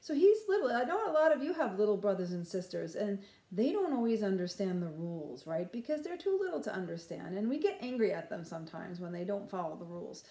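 A woman's voice: mid-range voice, echoey room. A nursery school teacher, a woman, reading a picture book aloud and asking the children questions. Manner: animated, asks children questions.

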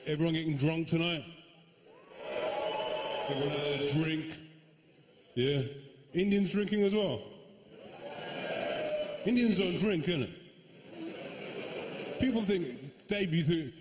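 A stand-up comedian performs live in a large comedy venue, brash, swearing plenty and teasing the crowd. His voice sits fairly high, and he speaks slowly with long pauses. The hall echoes and the audience can be heard.

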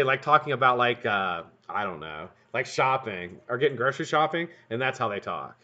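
A man's voice: medium pitch, animated, normal speed, hardly any pauses, bright, forceful tone. A man hosting a casual live stream from a room at home, chatting and swearing freely while building something at his bench. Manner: rambling, profane, joking asides to chat. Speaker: livestream host building vape coils. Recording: dull lo-fi stream audio.

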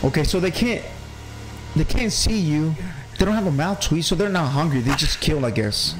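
A man's voice: a little high, animated, moderate pace, rough recording. A man with a heavy accent giving casual let's-play commentary as a gaming channel host, chatty and laughing at himself.

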